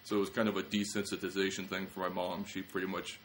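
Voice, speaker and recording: A young adult man with a low, deep voice tells a rambling story in casual podcast chat. He mocks himself freely and snaps into quick impressions of the people in the story. A faint hum of room noise sits underneath. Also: flat delivery, a bit bright. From small-town Ohio. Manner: rambling, self-mocking, quick acted-out quotes. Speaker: comedian guest.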